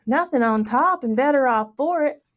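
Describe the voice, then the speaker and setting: Storybook: woman plays a high-pitched, eager country boy who chants and hollers. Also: moderate pace. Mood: chanting. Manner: singsong chanting, excited shouting. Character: forgetful young country boy, earnest and eager.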